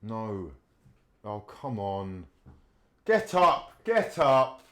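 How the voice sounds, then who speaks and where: A man giving live fan commentary while watching a match, swinging between mutters, swearing and shouts at the players. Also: fairly low pitch, very animated, extremely slow. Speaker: fan channel host.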